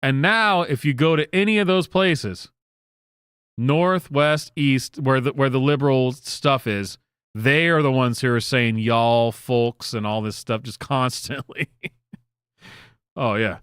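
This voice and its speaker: A man's voice: medium pitch, slow pace, a bit bright, clear, resonant tone, dry recording, studio quality. A man from the American South with a Southern accent, hosting a commentary channel and giving a casual, emphatic rant full of restarts and fillers.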